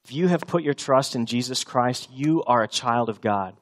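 Pastor, man, 30s, earnest sermon delivery, middle pitch, repeats key lines for emphasis. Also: normal speed.

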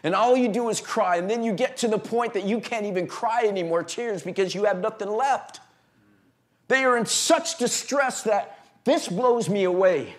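A man preaching a sermon as pastor, impassioned and repetitive, with stammered restarts and sudden drops to a hush. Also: sits high, moderate pace. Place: church.

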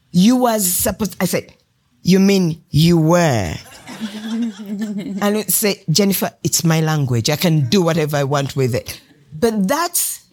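A woman with a Ugandan English accent, a guest author telling stories with lots of laughter in a podcast interview. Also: on the low side. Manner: animated anecdotal telling, laughs often.

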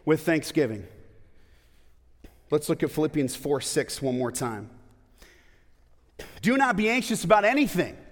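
A man with a fairly high voice preaches in a church, and his words ring out with a long hall echo. He keeps it conversational, tossing rhetorical questions to the congregation and slipping in playful asides. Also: sing-song, a little slow, long pauses. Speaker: pastor. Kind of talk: sermon.

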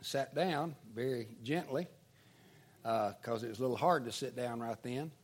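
An older man preaching, telling a folksy childhood story in an animated storytelling sermon style. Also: medium pitch, moderate pace, slightly rough.

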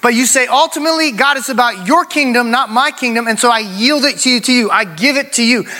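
Middle-aged guy preaching a sermon, pretty high voice, bright and punchy, lots of repeating himself. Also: quick pace. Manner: preaching with call-and-response and emphatic repetition. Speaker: pastor.

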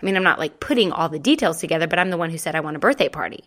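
A woman in her thirties telling a personal story in a chatty, animated way, acting out quoted dialogue. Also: deep voice, racing. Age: 30s. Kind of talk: casual storytelling to camera.

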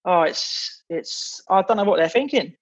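A man's voice: high-pitched, expressive, unhurried, muffled recording. A man from England, a podcast guest in casual chat, blunt and swearing, with many restarts as he grumbles.

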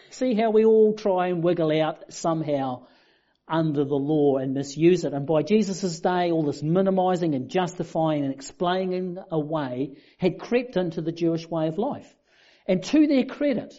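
Guy giving a sermon, mellow and chatty, pokes fun at himself, sound a bit muffled. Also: sits high. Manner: conversational, self-deprecating humour. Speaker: preacher. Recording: dull lo-fi sound.

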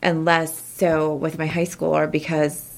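A middle-aged woman from the Kansas City area co-hosting a casual local chat show, chatty and quick to laugh. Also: deep voice, flat delivery, vocal fry. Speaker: co-host.

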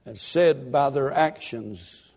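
A man preaching a sermon, fervent and building to shouted emphasis. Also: mid-range voice, takes it slowly, big-room sound.

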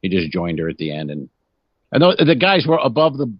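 A man's voice: fairly low pitch, sing-song, a little fast, husky, no room sound. A man co-hosting a comedy podcast over a video call, teasing and wry in casual banter. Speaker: podcast co-host. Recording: dry, dull lo-fi sound.

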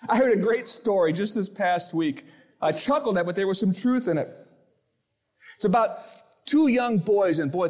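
A male pastor preaching with a high, very lively voice that leaps up and down. He throws himself into his sermon and acts out the voices in his quotes and stories. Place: church sanctuary.

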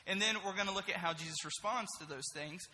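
A young man serving as a middle school pastor, giving an energetic, joking sermon and asking the group questions. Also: high voice, quick pace, big-room sound, rough recording. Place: church youth room.

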